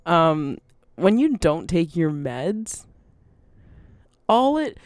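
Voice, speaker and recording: A woman's voice: on the low side, sing-song, drawn-out words, a little mellow, no room sound, studio quality. A woman talking casually in a monologue, rambling, laughing often and swearing freely.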